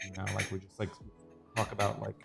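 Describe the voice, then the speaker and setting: A man's voice: lowish voice, monotone, fast talker, vocal fry, over music. A man chatting casually while sketching on a livestream, rambling and self-deprecating.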